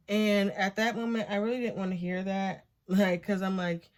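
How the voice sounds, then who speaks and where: A woman's voice: medium pitch, flat delivery, moderate pace, few pauses, darkish tone. A young woman vlogger chatting through a story while doing her makeup, full of fillers and acted-out quotes. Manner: chatty, filler-heavy, acts out quoted voices. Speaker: beauty vlogger.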